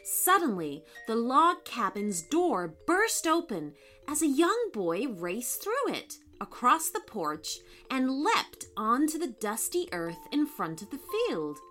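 Woman narrator, children's storybook, slightly high, animated. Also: soft background music. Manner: expressive, unhurried storytelling.

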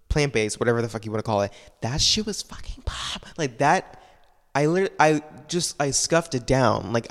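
A man's voice: mid-range voice, long reverb tail. A young man talking casually and at length about his life. He is tired, rambles, leans heavily on "like" and swears often. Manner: rambling, heavy use of "like", frequent swearing. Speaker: solo podcaster. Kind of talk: casual personal monologue.

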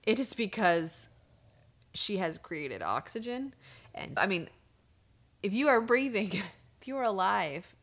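A woman co-hosting a spiritual podcast in casual chat, encouraging and blunt, swearing casually. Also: on the low side. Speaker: podcast co-host.

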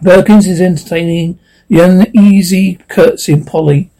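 A man's voice: sits high, steady tone, moderate pace, warm tone, poor audio. A man reading a drama script aloud, naming each speaker and reading the stage directions with small slips. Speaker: script reader.

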